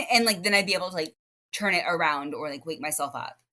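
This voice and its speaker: A woman guest on a podcast, telling stories in a lively, rambling way full of restarts and fillers. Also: lowish voice, a little fast. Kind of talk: casual podcast chat.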